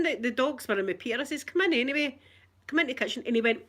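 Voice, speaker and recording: A Glaswegian woman in middle age, recording herself at home on a phone, recounting a run-in with animated, indignant energy. Her voice sits a touch high and she laughs often through the telling. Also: fast talker. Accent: Scottish, Glasgow. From Scotland. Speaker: vlogger. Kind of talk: casual storytelling to camera. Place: at home, in a living room.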